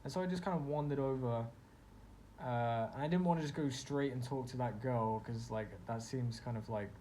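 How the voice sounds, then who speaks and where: A man's voice: medium pitch, normal speed, warm tone, a little hiss or hum. Rambling young man. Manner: rambling, filler-heavy, self-reflective. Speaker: vlogger. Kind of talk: casual storytelling monologue.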